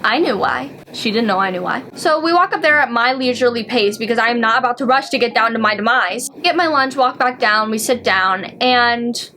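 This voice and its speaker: A woman's voice: a little high, fairly quick, hardly any pauses, sharp tone, slight background noise. A young adult woman vlogging a casual storytime, talking through it in a chatty way with lots of "like"s. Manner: chatty, filler-heavy storytelling with many "like"s.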